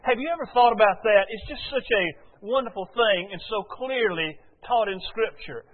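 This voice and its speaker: A man preaching a sermon as pastor to his congregation, chatty and questioning with frequent "uh" fillers, slowing down to read scripture aloud. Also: high-pitched, big-room sound, phone-quality sound. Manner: conversational, asks congregation questions, many "uh" fillers; slow and deliberate reading scripture aloud. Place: church sanctuary before a congregation.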